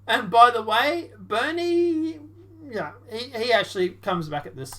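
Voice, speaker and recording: A woman's voice: a little high, sing-song, a little slow, background noise. A woman giving casual, sarcastic reaction commentary on a political debate, rambling with restarts. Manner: sarcastic, rambling, with restarts and mock-quoted voices.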